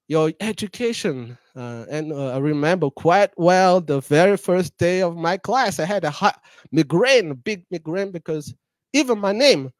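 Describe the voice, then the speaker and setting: Young male speaker from Madagascar, high voice, halting delivery full of fillers, dry close sound. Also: no echo. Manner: hesitant, many fillers and restarts. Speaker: guest speaker. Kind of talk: public talk to an audience.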